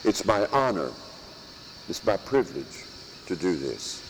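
A priest preaching a sermon in slow, emphatic phrases, with long pauses and pointed rhetorical questions. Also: male voice, low-pitched, sing-song, long reverb tail, background noise. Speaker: priest teaching at a monastery. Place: church or monastery chapel.

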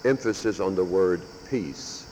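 A man preaching as a parish priest, measured and emphatic, stressing and repeating key words. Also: low voice, mellow. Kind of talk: sermon with announcements. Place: large church with long reverb. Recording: echoey church hall with faint background noise.

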